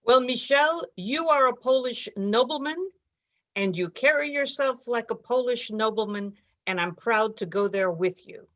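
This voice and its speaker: A woman's voice: a little high, lively intonation, normal speed, a bit bright. A woman hosting a scripted talk show, emphatic in manner and repeating words for stress. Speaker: host.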